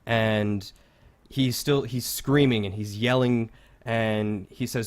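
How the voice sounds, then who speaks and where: Game master, man, mid-pitched, loose casual narration. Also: steady tone, slow. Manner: casual, filler-heavy narration.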